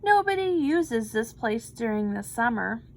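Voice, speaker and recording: A woman voicing an earnest young boy who pleads for his pet in a storybook reading, his lines pitched high and eager. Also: very animated, measured pace, a little hiss or hum, heavily acted. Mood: pleading.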